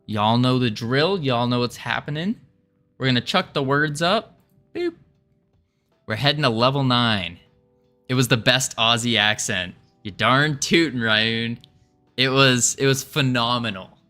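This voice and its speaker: Slow, bright-voiced male streamer. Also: mid-range voice. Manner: chatty, talks to viewers, playful asides. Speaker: game developer streaming. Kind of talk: casual live-stream chat while coding.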